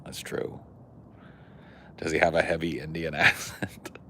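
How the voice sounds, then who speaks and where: Low voice, man, podcast host, profane rambling banter, faint background noise. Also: flat delivery, a little slow. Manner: rambling, profane, says "dude" and "like" a lot. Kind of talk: crude casual podcast banter.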